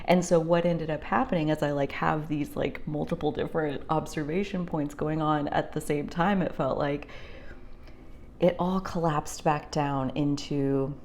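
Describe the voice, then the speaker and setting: A young woman talking through a heartfelt personal reflection, rambling with many fillers and sometimes dropping to a soft near-whisper. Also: low-pitched, steady tone, moderate pace, slight background noise. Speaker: spiritual vlogger.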